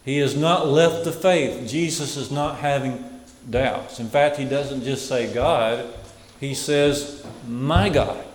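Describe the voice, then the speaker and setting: Slow, echoey male preacher. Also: mid-range voice. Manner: repeats key phrases, dropping to a hush. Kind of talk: sermon.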